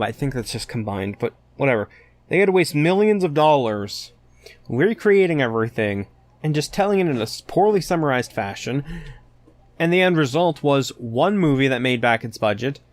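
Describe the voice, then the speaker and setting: A man's voice: fairly high pitch, dry recording. A man hosting his own podcast, ranting with exasperation and plenty of swearing. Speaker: podcast host. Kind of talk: casual solo podcast rant.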